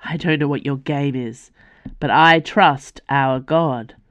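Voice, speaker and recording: A woman's voice: low voice, takes it slowly, a bit bright, dry recording. A woman voicing a furious young male assassin whose voice trembles with anger as he accuses a former mentor. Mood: angry.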